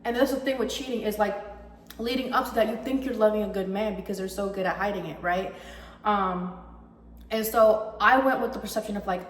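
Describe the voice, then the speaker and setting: A woman's voice: mid-range voice, fairly even intonation, a little fast. A young woman ranting heatedly about a breakup, emphatic and swearing freely. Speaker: vlogger. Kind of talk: personal storytime rant. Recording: echoey room with long reverb.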